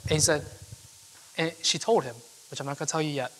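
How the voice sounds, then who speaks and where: A man's voice: on the high side, steady tone, fast talker. A young man giving a casual, chatty storytelling talk to an audience, full of fillers. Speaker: keynote speaker. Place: event hall with audience. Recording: long hall reverb.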